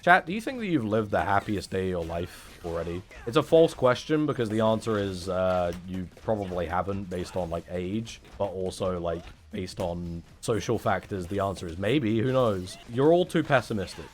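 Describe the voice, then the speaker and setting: A man's voice: sits low, expressive, moderate pace, few pauses. A young man, talking casually and sarcastically to his chat on a live stream, rambling and swearing often.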